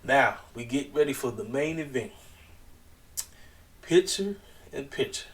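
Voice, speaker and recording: A man's voice: medium pitch, animated, unhurried, darkish tone, distant mic. A man giving a casual, slangy wrestling show recap, chatty and acting out what people said. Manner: chatty, slangy, retells scenes in quoted voices.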